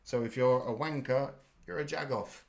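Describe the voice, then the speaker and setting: A British man hosts a live watch-party stream in a loose, chatty way. He explains slang to his viewers and drops swear words freely. His voice sits at an ordinary middle pitch. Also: normal speed. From United Kingdom. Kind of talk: casual live reaction chat.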